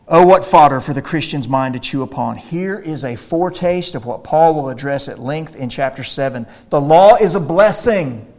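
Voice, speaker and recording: A man preaching a sermon, emphatic, swinging between quiet explanation and loud, forceful declarations. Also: fairly high pitch.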